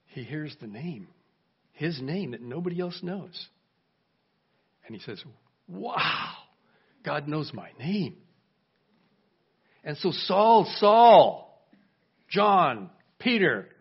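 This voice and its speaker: Animated preacher, lo-fi church recording. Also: male voice, on the high side, slightly rough. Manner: animated, acts out quoted voices, asks the congregation questions. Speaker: pastor. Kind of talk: sermon. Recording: dull lo-fi recording.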